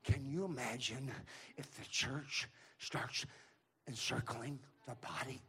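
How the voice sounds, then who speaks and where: A male pastor from Central California preaching a sermon, calling out to the room and repeating his lines as he builds to shouts. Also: medium pitch, fairly even intonation, takes it slowly. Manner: calls to the room and repeats himself.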